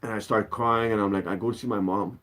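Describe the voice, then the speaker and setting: A man's voice: fairly low pitch, a little fast. A young adult man doing stand-up comedy, ranting with profanity and acting out quoted voices. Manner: animated, profane rants.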